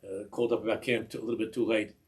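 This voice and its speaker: Animated rabbi giving a Torah talk. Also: male voice, fairly low pitch, very fast. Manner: animated, acts out dialogue with Yiddish and Hebrew words.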